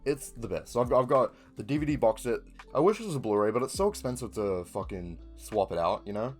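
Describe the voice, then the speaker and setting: A man's voice: mid-range voice, animated, quick pace, soft background music. A young man with a New Zealand accent chatting casually, rambling with lots of ums and swearing. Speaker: video creator. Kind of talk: casual chat.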